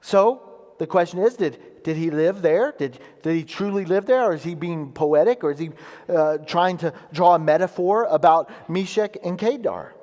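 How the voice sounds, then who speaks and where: Pastor guy preaching, pretty high voice, big echoey church hall, leans hard on words. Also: a little mellow. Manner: emphatic preaching, reads scripture aloud with slow weighty pauses. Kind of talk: sermon. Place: church sanctuary. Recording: long hall reverb.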